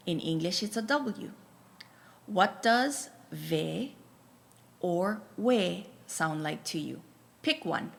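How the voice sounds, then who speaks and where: A woman's voice: lowish voice, creaky, a little hiss or hum. A woman teaching a Hawaiian pronunciation lesson, patiently spelling out each letter and telling learners to write it down. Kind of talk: slow, deliberate language lesson.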